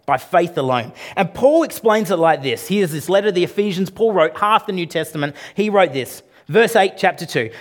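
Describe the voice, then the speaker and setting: A man gives a sermon as pastor, talking to the congregation in a forceful, conversational manner and often asking them questions. His voice rises and drops in both pitch and loudness to underline what he says.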